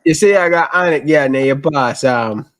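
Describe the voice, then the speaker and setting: A man with a Jamaican accent hosting a casual chat, telling stories in relaxed patois. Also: fairly high pitch, moderate pace.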